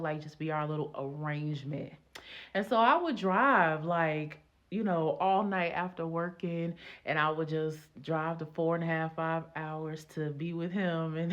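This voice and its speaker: A woman vlogger telling a personal story and giving relationship advice in a casual, animated, playful way, with teacherly asides. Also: fairly low pitch. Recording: dull lo-fi audio.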